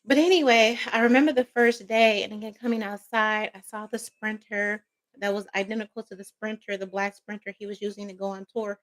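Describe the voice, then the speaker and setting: A woman's voice: medium pitch, fairly even intonation, a little fast, fairly bright tone. A woman vlogger telling a personal story in a casual storytime monologue, rambling, emphatic and swearing freely.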